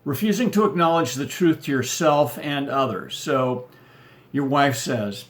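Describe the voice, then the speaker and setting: A man presenting marriage advice in a scripted talk, giving definitions in a measured, list-like way. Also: medium pitch.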